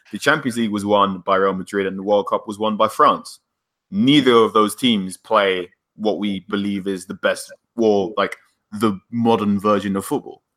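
A man co-hosting a casual football podcast, animated and quick to argue, laughing often. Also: on the low side. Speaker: podcast co-host. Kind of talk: casual chat.

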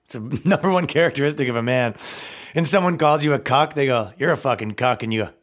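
A man's voice: medium pitch, expressive, fast talker. A man hosting a comedy podcast, ranting in a profane, mocking way and slipping into silly put-on voices. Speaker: podcast host.

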